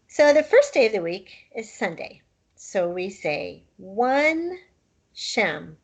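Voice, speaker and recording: Slow, patient woman teaching. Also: mid-range voice. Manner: patient, demonstrating sounds slowly. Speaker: language teacher. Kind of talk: slow, patient language lesson.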